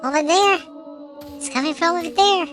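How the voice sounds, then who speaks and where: A woman's voice: extremely high pitch, moderate pace, music in the background. A woman streaming a game live, making dry, wry reactions as she plays.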